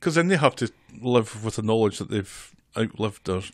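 A man's voice: on the low side, animated, moderate pace, no room sound. A man co-hosting a casual podcast, teasing his co-host with dry humor.

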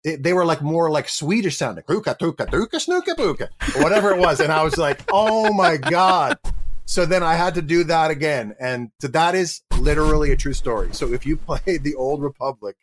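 Brisk and hardly pausing, a middle-aged male actor with a fairly high voice relates a funny anecdote on an interview show, acting out the people in it with animated dialogue. There's slight background noise.

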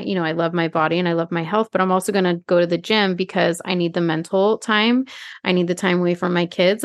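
A woman in her thirties co-hosting a podcast, talking casually with lots of fillers and animated asides. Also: fairly low pitch, creaky, no echo, clean studio sound. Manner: chatty, lots of "like", animated retelling. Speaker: podcast co-host. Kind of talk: casual chat.

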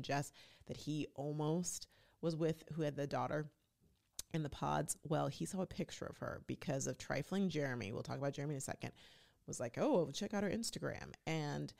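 A woman's voice: sits low, vocal fry. A woman hosting a podcast, chatting casually and with strong opinions, acting out quotes as she goes. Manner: animated, opinionated, acts out quotes. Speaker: podcast host. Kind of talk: casual recap chat.

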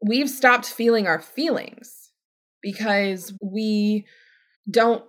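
A woman hosting a podcast as a healthcare provider, talking in a chatty, emphatic way and acting out quoted voices with big jumps in pitch. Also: very slow. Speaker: podcast host. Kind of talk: casual podcast monologue.

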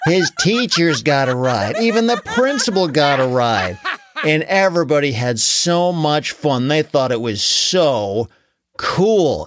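An adult telling a children's story aloud in an animated, unhurried way. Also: mid-range voice, no room sound.

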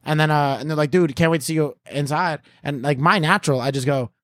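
A male podcast guest talks quickly in a voice a touch high for a man. He tells laid-back anecdotes, quoting what he said to others. The sound is dry and close to the mic. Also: a bit bright, no room sound. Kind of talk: casual chat.

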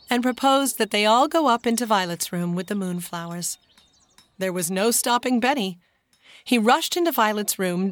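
A woman narrating a children's storybook as an audiobook in a calm, even manner. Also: medium pitch, no room sound.

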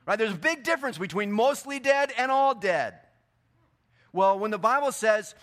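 A man preaching a sermon in a church, swinging between loud, emphatic bursts and quieter scripture reading. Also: very high-pitched, normal speed. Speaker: pastor. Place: church sanctuary.

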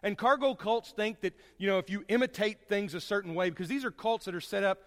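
A man preaching a sermon to his congregation, folksy and storytelling, swinging from loud to hushed. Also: high voice, fairly quick, long reverb tail.

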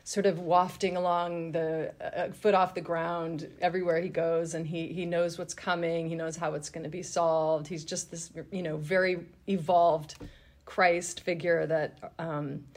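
A woman with a lowish voice reflects aloud on scripture, musing in loose, trailing phrases. She sounds conversational and thoughtful. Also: little pitch movement, a little slow. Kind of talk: reflective conversational Bible discussion.

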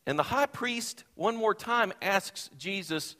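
A man preaching a sermon from the pulpit, expressive, acting out the Bible quotes he tells. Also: high voice, slow pace. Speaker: pastor. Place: church sanctuary. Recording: long reverb of a church hall.

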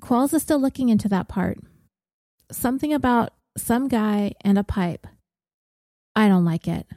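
A woman narrator voicing a blunt, troubled woman who talks in a wry, gruff, self-mocking way. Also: medium pitch, animated, measured pace, mellow, dry recording, clean studio sound. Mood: weary.

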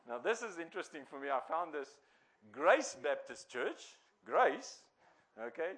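A man's voice: a little high, sing-song, measured pace, a bit bright, poor audio. Chatty man preaching. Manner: conversational, chuckles and restarts. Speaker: pastor. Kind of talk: sermon.

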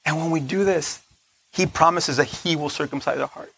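A man giving a conversational sermon, often checking in with listeners with "right?", slowing down on key points and dropping into soft asides. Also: fairly high pitch, vocal fry, slightly rough, no room sound. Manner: slows down to stress points, laughs between lines. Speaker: teacher of a Torah portion.

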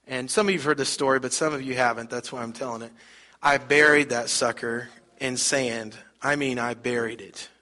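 A man's voice: medium pitch, steady tone, normal speed, sharp tone. A middle-aged man preaching a sermon, telling a story conversationally and putting rhetorical questions to the congregation. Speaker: pastor.

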